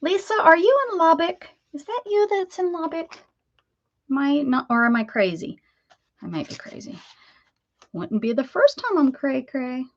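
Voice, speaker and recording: A chatty woman from the Pittsburgh area, talking her way through a crafting live stream in a slightly high voice. She greets viewers by name and rambles as she works. The sound is dull and lo-fi. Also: expressive, normal speed. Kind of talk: casual live-stream chat while crafting.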